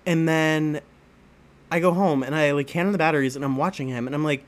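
A man's voice: on the high side, a little fast. A man co-hosting a casual podcast chat, telling rambling stories full of fillers and laughter. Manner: rambling, laughing storyteller, heavy on filler words. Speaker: podcast co-host.

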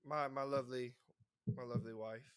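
A man's voice: fairly quick, clean tone. A man co-hosting a podcast, telling stories in casual chat and acting out quotes. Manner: animated, acts out quotes in high voices. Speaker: podcast co-host.

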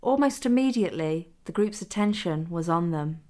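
A woman who is the author, reading her own adult story aloud in a steady, even manner. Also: lowish voice, moderate pace. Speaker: author and narrator.

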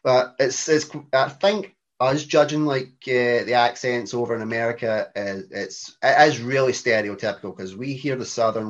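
A man's voice: mid-range voice, normal speed, lo-fi sound. A Glaswegian man in his thirties, a podcast guest telling rambling, self-mocking stories in casual chat. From Scotland.

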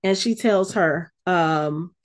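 A woman co-hosting a casual podcast, retelling a show's episode with lively acted-out quotes. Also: on the low side, slow pace. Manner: animated storyteller, acts out quotes. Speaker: podcast co-host.

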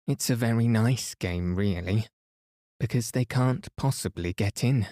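A man's voice: fairly low pitch, steady tone, slow, a little mellow, no room sound, clean studio sound. A man reading as Anthea, a coaxing young girl. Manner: coaxing, cheerful. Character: eager young girl coaxing her siblings.

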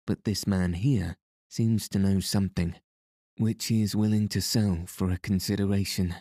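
Man plays storybook subordinate; respectful report, dark dry tone. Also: low-pitched, steady tone, moderate pace, dry recording. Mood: deferential. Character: dutiful male subordinate reporting to his chief.

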